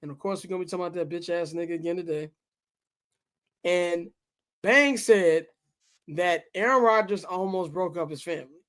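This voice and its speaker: A brash, joking talk-show host. His voice is high for a man, and he jumps between ribbing his listeners and setting up the next segment. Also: moderate pace, long pauses, a bit bright, clear, resonant tone. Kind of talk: casual talk show hosting.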